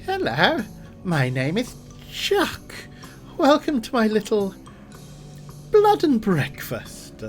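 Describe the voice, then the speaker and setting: A creepy, grinning innkeeper man from a video game, put on by a woman streamer, high-pitched for her usual voice and cheerfully sinister. He puts odd stress on his words and keeps a slow, deliberate pace. Faint music plays underneath. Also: wildly swooping pitch, full character voice. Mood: creepily cheerful.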